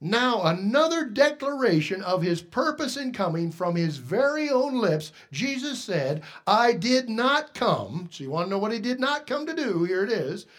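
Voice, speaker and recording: A man preaching a sermon, emphatic, asking the congregation rhetorical questions and swinging between hushed and loud delivery. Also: high voice, sing-song, normal speed, hardly any pauses.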